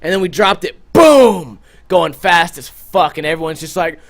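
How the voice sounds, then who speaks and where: A man's voice: on the high side, normal speed. A young man vlogging, telling stories casually with lots of swearing and sound effects. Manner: animated, profane, with sound effects. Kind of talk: casual storytelling to camera.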